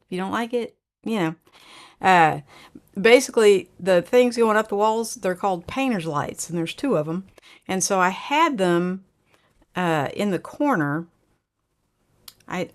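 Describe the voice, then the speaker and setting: Chatty woman hosting a live stream. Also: medium pitch. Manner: chatty, laughs often, reads viewer comments aloud. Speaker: livestream host reading chat. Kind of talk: casual live chat.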